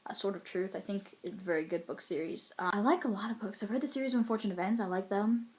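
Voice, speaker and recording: A woman's voice: medium pitch, quick pace. A young woman chatting casually to camera, answering profile questions in a candid, rambling way with frequent ums and little laughs.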